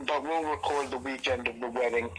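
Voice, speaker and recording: A man's voice: mid-range voice, steady tone, fairly quick, a crowd in the background, rough recording. A young man, a podcast host, chatting casually in an easygoing, laid-back way.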